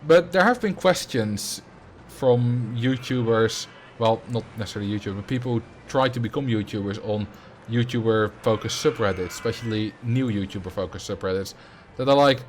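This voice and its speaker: A man's voice: medium pitch, normal speed, few pauses, slight background noise. A man with a Dutch accent chatting casually on a livestream while thinking aloud. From Netherlands. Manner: musing, conversational, thinking aloud. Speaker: streamer.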